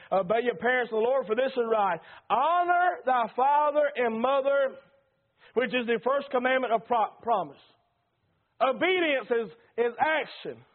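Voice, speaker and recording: A Southern preacher with a very high voice delivers a folksy sermon full of repeated refrains. He sounds middle-aged, and the recording is thin and tinny, like a phone line. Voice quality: folksy, repetitive preaching cadence. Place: church.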